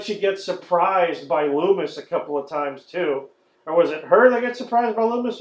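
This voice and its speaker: A man hosting a podcast, ranting in casual chat with frequent swearing and mocking impressions. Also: fairly high pitch. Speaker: podcast host. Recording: echoey lo-fi room recording.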